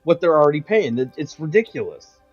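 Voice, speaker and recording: A man on a gaming news panel, talking casually with emphatic, opinionated points and quick restarts. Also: a little high, sing-song, slightly rough, muffled recording, faint music behind.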